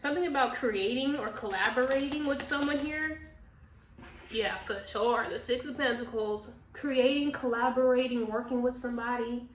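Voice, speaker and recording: Giving an offhand tarot reading, this woman talks at a moderate pace in a fairly high pitch, cursing freely, speaking bluntly and breaking into frequent laughter. It's recorded from a distant mic in an echoey room with a bit of faint noise.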